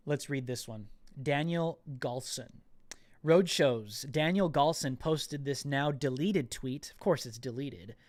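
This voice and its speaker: A man's voice: medium pitch, slow, no room sound. A man hosting a political commentary podcast, talking in an indignant, emphatic way and often repeating words. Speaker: podcast host.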